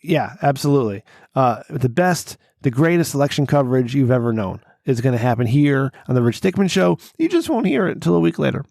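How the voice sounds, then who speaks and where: A man's voice: medium pitch, expressive, fairly quick, gravelly, darkish tone, no room sound, studio quality. A man hosting a podcast in a casual, profane, rambling and jokey way. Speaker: podcast host. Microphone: studio mic.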